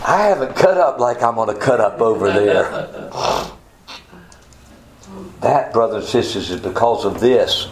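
A man preaching a sermon, fervent, his voice swinging from soft, slow passages to loud, rising emphasis. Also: lowish voice, animated, a crowd in the background. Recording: echoey room with faint ambience.

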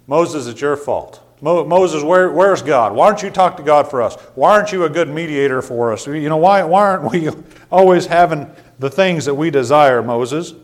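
A man's voice: on the high side, animated, normal speed, natural voice. A man voicing a crowd of grumbling Israelites who whine and nag with complaining questions. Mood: nagging. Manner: whining, nagging questions.

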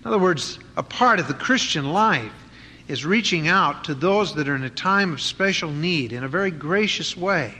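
A man preaches in a bright, fairly high voice, talking through the text in a conversational way with frequent fillers and restarts. His voice rings with the long reverb of a large hall, over a faint background hiss. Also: expressive, normal speed. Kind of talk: expository sermon.

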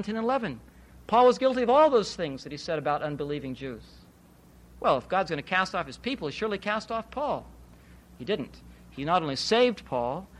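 Emphatic preacher man, higher-pitched voice. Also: a bit bright. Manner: emphatic, rhetorical questions, repeats key phrases. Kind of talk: expository Bible sermon.

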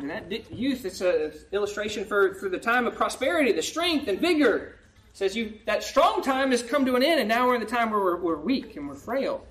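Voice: medium pitch, big pitch swings, a little fast, fairly bright tone. A preacher reading a psalm in old-fashioned wording and explaining it in plain talk, often asking "right?" and rising to a pleading tone when voicing the lament. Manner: often asks the listeners "right?". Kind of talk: sermon.

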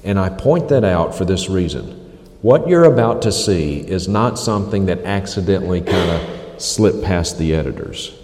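A man's voice: low voice, animated, normal speed, darkish tone. A man preaching a critical sermon, emphatic and repeating phrases for stress. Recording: echoey hall reverb.

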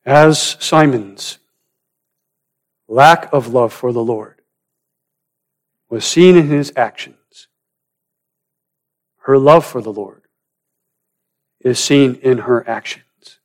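A man preaching a sermon, swinging from loud, rising emphasis down to hushed, almost whispered lines. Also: mid-range voice, extremely slow, long pauses. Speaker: pastor.

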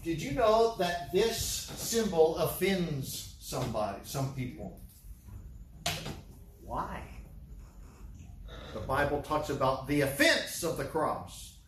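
A man's voice: a little high, big pitch swings, slow pace, pauses often. A man preaching a sermon, asking rhetorical questions and repeating key lines. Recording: echoey room, distant mic, faint hiss.

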